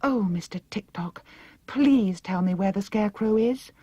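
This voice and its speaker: A woman's voice: mid-range voice, measured pace, dark tone, dry recording, voice pushed up, natural voice. A woman with a British accent voicing a brave young girl who speaks urgently and earnestly in a storybook reading. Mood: curious. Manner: urgent and pleading. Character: frightened determined young girl.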